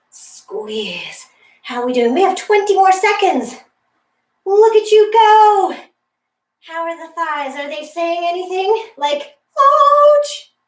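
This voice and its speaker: Laughing often and a bit winded, a woman coaches a guided workout with encouraging instructions in her high voice. She's a fitness instructor indoors in a room with a wall and ceiling tiles, and the rough recording sounds roomy, with her far from the mic.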